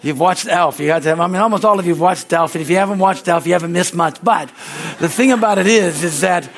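A man's voice: high-pitched, quick pace. A man preaching a fervent sermon at a church service, punctuating his lines with hallelujahs and amens. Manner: shouts excitedly when acting out a story. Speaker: pastor.

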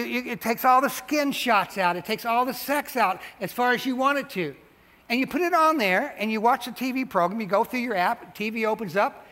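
A man with a high, bright, ringing voice preaches to his congregation with animated emphasis, hammering phrases again and again. His words carry a long reverb from the church hall around him. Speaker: pastor. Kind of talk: sermon. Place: church sanctuary.

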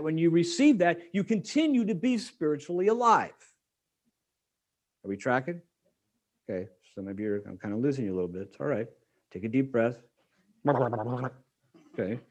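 Male pastor, middle-aged, slightly higher voice, chatty sermon with jokes. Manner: conversational, joking asides to the congregation.

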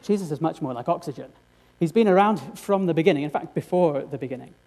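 Earnest male preacher, mellow voice. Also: a little high, expressive, quick pace. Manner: earnest, with rhetorical questions to the congregation. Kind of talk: sermon.

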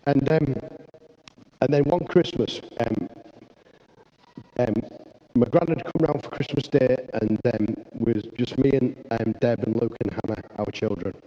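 Earnest preacher, muffled sound. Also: male voice, mid-range voice, unhurried. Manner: earnest, excitable storytelling with frequent restarts. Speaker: pastor. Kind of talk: sermon.

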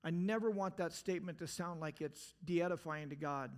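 A man preaching a sermon, talking earnestly and asking the listeners direct questions, now and then swelling to emphatic outbursts and dropping low again. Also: normal speed, smooth. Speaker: pastor.

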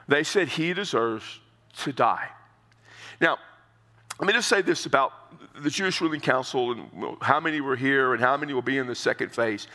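Man, sermon, earnest preacher, bright ringing voice, slightly high, repeats words, pitch climbs for emphasis. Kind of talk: expository sermon.

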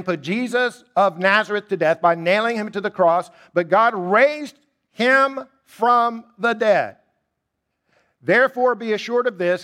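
A man preaching a sermon, emphatic and asking rhetorical questions, climbing high on key points and dropping low and quiet to reflect.

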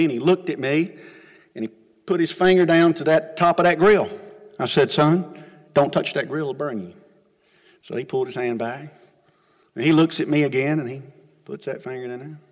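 A middle-aged pastor, preaching a sermon in a folksy storytelling way that swings between loud and soft. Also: male voice, fairly high pitch, in a large hall. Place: church sanctuary.

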